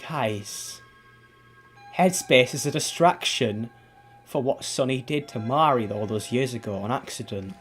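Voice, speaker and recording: A man's voice: medium pitch, measured pace, faint music behind. A man from England, chatting casually on a game stream, rambling, swearing offhandedly and restarting his sentences. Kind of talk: casual gaming stream chat.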